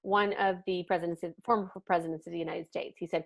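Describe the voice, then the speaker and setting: A woman's voice: fairly low pitch, steady tone, quick pace, vocal fry, few pauses. A woman comedian as a podcast guest, talking in a dry, playful, teasing way. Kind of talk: casual interview chat.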